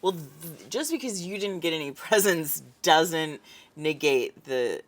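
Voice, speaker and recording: A woman's voice: sits low, expressive, unhurried. A woman in a casual podcast chat who makes dry, short quips and reactions.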